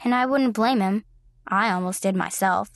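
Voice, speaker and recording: A woman's voice: medium pitch, moderate pace, no room sound, natural voice. A woman reading the lines of a young woman just out of college, with dry, polite humor. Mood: wry. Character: wry young woman, new college graduate.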